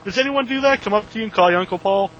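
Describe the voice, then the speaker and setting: A man's voice: sits high, rapid-fire, fairly bright tone, muffled recording, a little hiss or hum. A man hosting an interview podcast, asking eager questions and laughing often. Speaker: host.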